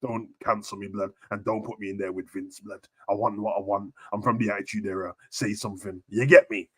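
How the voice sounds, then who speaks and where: A young man chatting casually on a live stream about wrestling, full of slang, jumping between shouting and near-whispers. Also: lowish voice, steady tone, fairly quick, slightly rough.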